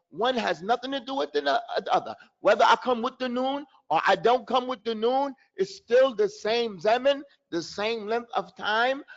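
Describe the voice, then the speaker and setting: A man teaching Quran pronunciation in an online class, slowly demonstrating sounds and repeating syllables for his students. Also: very high voice, lo-fi sound. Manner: chuckles at his own trick questions.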